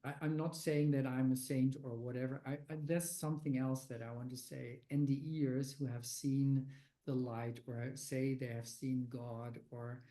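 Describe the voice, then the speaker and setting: An older man being interviewed as a guest, speaking haltingly with many fillers and restarts. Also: medium pitch, level tone, mellow, rough recording. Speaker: guest researcher of near-death experiences. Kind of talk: conversational interview answers.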